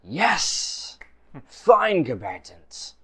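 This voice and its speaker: A man's voice: medium pitch, big pitch swings, moderate pace, natural voice. A man playing the eager Grandmaster. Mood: excited. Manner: theatrical, enthusiastic proclamations. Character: flamboyant adult male arena grandmaster, eager for bloodsport.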